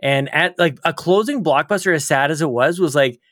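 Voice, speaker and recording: A man's voice: a little high, a little fast, fairly bright tone, no echo, studio quality. A man co-hosting a casual gaming podcast, teasing and laughing easily. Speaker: podcast co-host. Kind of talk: casual chat.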